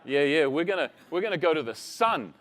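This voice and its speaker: A man voicing a young New Zealand boy who speaks haltingly. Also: on the high side, big pitch swings, fairly bright tone. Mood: hesitant. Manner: hesitant, halting. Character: young Kiwi boy, awed then defiant.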